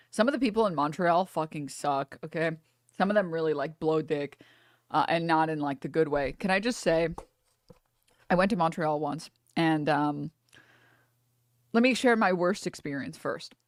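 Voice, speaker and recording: Animated, swearing American woman streamer. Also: deep voice, normal speed, pauses often, no room sound, clean studio sound. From United States. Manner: animated, profane, laughs through her stories. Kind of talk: casual storytelling chat.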